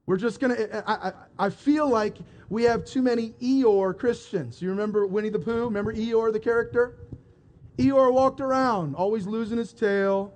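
Male pastor, very high voice, preaches with questions thrown to the pews. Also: moderate pace, a little mellow. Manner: preaching with rhetorical questions to the congregation. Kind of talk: sermon.

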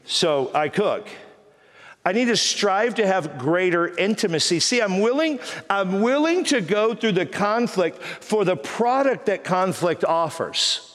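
High-voiced animated pastor in a hall. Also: male voice, unhurried. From Texas. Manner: animated, teasing storyteller acting out quoted voices. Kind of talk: humorous sermon storytelling. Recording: reverberant hall.

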